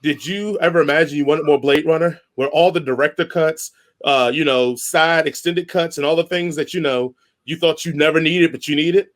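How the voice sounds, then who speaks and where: A man's voice: on the high side, normal speed, hardly any pauses, fairly bright tone. Laid-back man hosting a podcast. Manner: laid-back, runs the segments, tells anecdotes. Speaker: podcast host. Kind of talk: casual chat.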